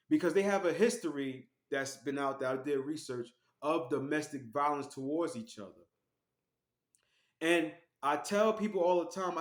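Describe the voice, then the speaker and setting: A man giving casual, animated storytelling commentary as an online vlogger. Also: on the high side, echoey room. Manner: animated, acts out quoted voices.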